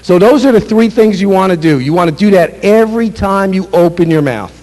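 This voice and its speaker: This is a sales trainer delivering a motivational seminar, recorded in a hall with long, echoing reverb. He speaks fairly quickly in a high, expressive, slightly mellow voice, hammering home key points through repetition and role-playing example sales calls.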